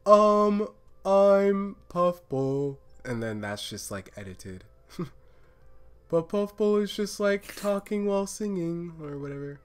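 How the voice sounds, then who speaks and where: A man chatting on a livestream in a slow, loose way, filling his sentences with ums and likes. His pitch moves in a lively, animated way. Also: faint music behind. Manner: rambling, lots of fillers. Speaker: animator, voice actor and show creator. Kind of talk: casual livestream chat.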